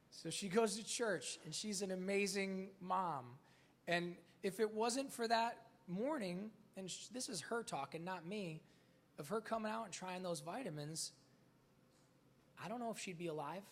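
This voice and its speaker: A man's voice: high voice, unhurried. Candid man telling stories on stage. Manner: candid, casual, swears freely; acts out dialogue in stories. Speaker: motivational speaker. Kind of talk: live storytelling talk. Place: on stage at a live event.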